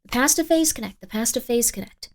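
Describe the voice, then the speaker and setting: Chatty, high-voiced woman streamer. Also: expressive, fast talker. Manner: chatty, rambling, thanks viewers by name. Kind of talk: casual livestream chat with tarot reading.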